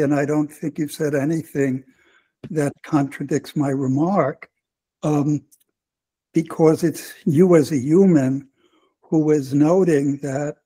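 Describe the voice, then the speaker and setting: Slow, mellow-voiced male panelist. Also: a little high. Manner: measured, hesitant openings. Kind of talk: panel discussion.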